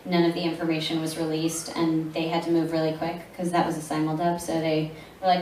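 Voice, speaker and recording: A woman's voice: low voice, brisk, slight background noise. Woman in her 30s chatting at a con panel, big roomy echo, mic far off, audience camera. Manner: animated storyteller acting out quoted dialogue, laughs often. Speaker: voice actress answering fan questions at a convention panel. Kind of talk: casual panel Q&A storytelling. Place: large convention panel room. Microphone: audience camera recording from the seats. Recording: echoey room recorded from far off.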